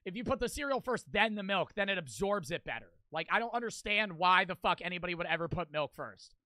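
A man's voice: high voice, animated, quick pace, bright, forceful tone, no echo. A young man streaming, reacting in loose, profane, rambling casual commentary.

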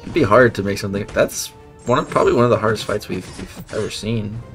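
A man's voice: on the low side, fairly even intonation, fast talker. A man casually chatting while he plays on a live stream, laid-back and chuckling, with the odd swear. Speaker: streamer playing a mobile game. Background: game music.

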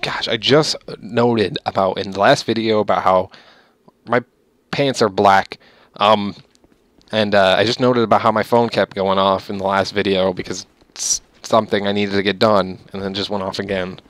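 A man's voice: fairly low pitch, fairly even intonation, moderate pace, fairly bright tone, dry recording. A young man giving rambling, casual gameplay commentary, swearing at enemies with mock-angry outbursts. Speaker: gamer.

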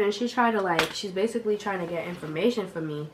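A woman's voice: medium pitch, fast talker. Brief: woman in her 20s, sick and a bit coughy, casual slangy storyteller, faint noise behind her. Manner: animated, slangy, talks straight to viewers. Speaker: vlogger.

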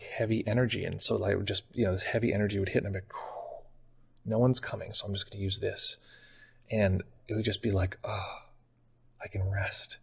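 Man, husky voice, personal storytelling, casual and rambling. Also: on the low side. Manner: casual and rambling, heavy use of "like". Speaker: meditation channel host.

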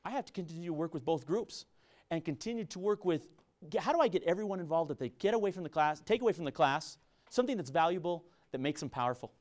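Man, middle-aged, San Luis Valley Colorado accent, higher pitch, earnest lecture, repeats and restarts. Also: expressive, quick pace, a little mellow. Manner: earnest, repetitive, frequent restarts. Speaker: university business professor. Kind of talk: public lecture to students.

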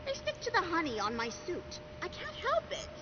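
Secretive night beekeeper, flustered and defensive, high voice, very lively pitch, video game dialogue. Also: female voice, normal speed, exaggerated voice. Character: shy reclusive woman beekeeper, night-working, secretive. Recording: dull game audio under noise.

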